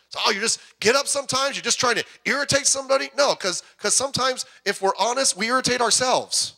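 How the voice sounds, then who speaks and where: A man's voice: extremely high pitch, a little fast, sharp tone. A man pastor preaching a sermon in a church, talking in a conversational way with asides and jokes. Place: church sanctuary.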